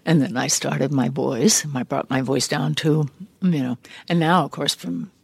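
A woman's voice: sits low, a little slow, vocal fry, husky, no room sound. An older woman, a guest in a large studio room, telling stories animatedly with frequent laughs, her voice a little worn. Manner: animated, laughs often, acts out remembered lines. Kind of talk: casual interview storytelling.

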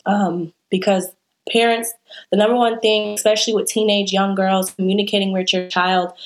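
Young new woman on an interview, candid, rambles with lots of ums and restarts. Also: mid-range voice. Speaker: interview guest. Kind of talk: casual interview.

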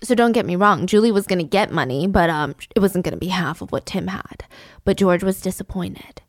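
A woman's voice: fairly low pitch, fairly quick, no room sound, clean studio sound. A woman narrating a true-crime story in a casual way, breaking in with opinionated, indignant asides.

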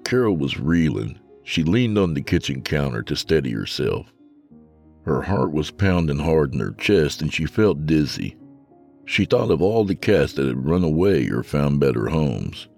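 A man narrating a horror story in a slow, grave storyteller's manner. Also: a bass voice, creaky, darkish tone.

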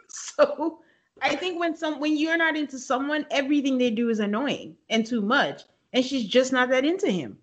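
A woman's voice: high voice, lively intonation, moderate pace. A woman co-hosting a podcast in casual chat, giving frank opinions and laughing easily. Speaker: podcast co-host.

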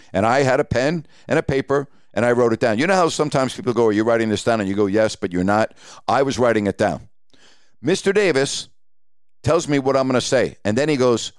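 Smooth-voiced man telling sports stories. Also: medium pitch, fairly quick, dry recording, studio quality. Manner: animated storyteller acting out quoted dialogue. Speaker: podcast host and sportscaster. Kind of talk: casual storytelling.

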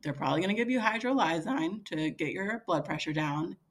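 With a lowish voice and a fairly quick delivery, a woman in her thirties shares a casual story on a podcast as a guest. Many fillers crop up as she animatedly acts out what others said.

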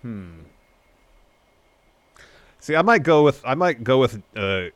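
A man's voice: mid-range voice, very animated, takes it slowly, no echo. A man co-hosting a casual podcast chat, laid-back and agreeable, reading listener questions aloud. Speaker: podcast co-host.

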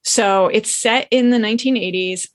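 A chatty woman co-hosts a podcast at an everyday middle pitch. She talks casually and animatedly, acting out quotes as she tells a story. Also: normal speed, no room sound. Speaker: podcast co-host. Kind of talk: casual chat.

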